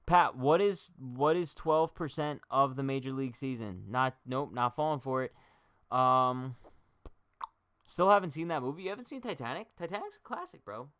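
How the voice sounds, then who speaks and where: A man's voice: medium pitch, animated, normal speed, fairly bright tone, clean tone, no room sound, studio quality. A young man hosting a casual baseball livestream, chatting and joking straight to his viewers. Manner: chatty, jokey, talks to chat directly.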